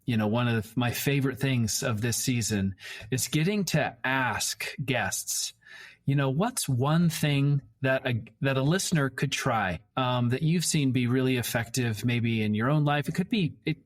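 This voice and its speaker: A man hosting a faith podcast, reflecting warmly on a guest's story before moving to his closing question. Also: medium pitch, unhurried. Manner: reflective, affirming. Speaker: podcast host. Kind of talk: casual interview chat.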